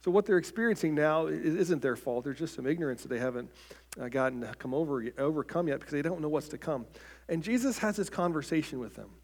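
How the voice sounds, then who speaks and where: Man, preacher, sermon, earnest, stammering restarts, somewhat high pitch. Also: expressive, fast talker. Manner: earnest, repeats words when starting phrases; drops to soft, quiet delivery on key points.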